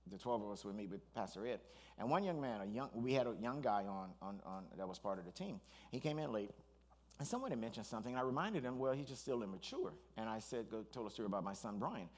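A man, a pastor, preaching a sermon in an animated storytelling way, with asides and restarts. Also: fairly low pitch, fast talker.

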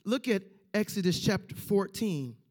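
High-voiced man preaching emphatically. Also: lively intonation, measured pace. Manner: emphatic, repeats lines for stress, acts out quoted voices. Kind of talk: sermon.

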